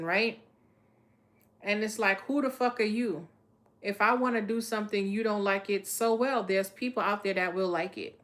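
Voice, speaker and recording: A woman doing a live tarot reading, speaking. She is blunt and profane, talking to viewers in a streetwise, no-nonsense way. Her voice sits at a middle pitch. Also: fairly bright tone. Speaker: tarot reader.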